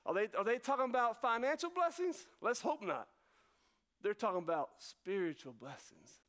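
A high-pitched man preaches to his congregation. He rushes with excitement, then slows right down to drive each point home. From North Carolina. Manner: fast-talking, excitable preaching with sudden slow emphasis. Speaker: pastor. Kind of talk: sermon.

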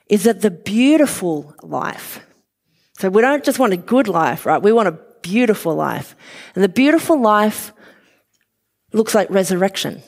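Woman preaching a chatty sermon. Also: mid-range voice. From outside Western Australia. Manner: conversational storytelling with fillers and laughs.

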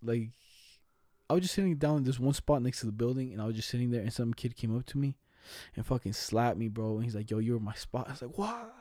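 A man's voice: mid-range voice, quick pace, warm tone, no echo, clean studio sound. A young man telling funny childhood stories in casual chat, full of slang and laughter, acting out the voices of people in them.

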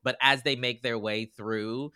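A man talking as a podcast guest with a smooth, resonant voice that sounds bright and crisp. He explains things in a measured way and laughs easily. The sound is close and dry. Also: mid-range voice, steady tone, no room sound. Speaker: co-author guest. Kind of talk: casual podcast conversation.

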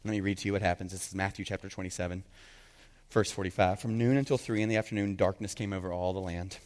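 A man preaching a sermon, swinging from hushed passages to loud, fervent peaks. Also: sits low, fairly even intonation, fast. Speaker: pastor. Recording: long reverb of a large hall.

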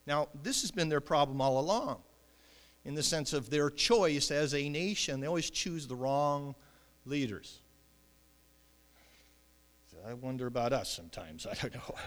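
A fairly high-voiced man preaches in a church, his words ringing out through a long hall reverb. He talks loosely and conversationally, full of "you know" and restarts. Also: expressive, unhurried, pauses often, a bit bright. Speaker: pastor. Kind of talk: sermon.

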